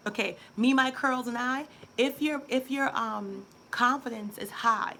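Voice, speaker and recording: New woman, 30s, relationship coach, candid chatty vlog talk, fairly high voice, faint room noise. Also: a bit bright. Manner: candid, chatty storytelling with quoted asides. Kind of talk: casual vlog monologue.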